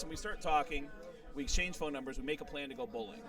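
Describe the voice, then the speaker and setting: A man's voice: fairly high pitch, fast, recorded from a distance, crowd noise. A middle-aged male comedian, a guest telling a long profane anecdote in an interview, quoting other people as he goes. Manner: animated, profane, quotes people in their voices. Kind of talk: storytelling in a podcast interview.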